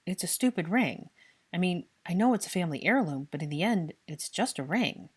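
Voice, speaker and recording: A woman voicing an irritable, blunt young wizard who speaks gruffly. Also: fairly low pitch, expressive, fairly quick. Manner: gruff and cross.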